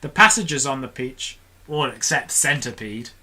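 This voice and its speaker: Brief: lively read-aloud narrator for a children's storybook stream, bright, ringing tone. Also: mid-range voice, moderate pace. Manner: expressive, does character voices. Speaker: storybook reader for a charity stream. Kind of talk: reading a children's book aloud on a livestream.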